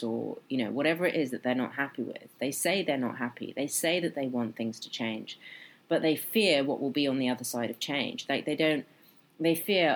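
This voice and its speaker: Deep-voiced earnest woman healer. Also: brisk. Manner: earnest, with fillers and acted quotes of clients. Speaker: healer and podcast host. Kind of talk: reflective podcast monologue.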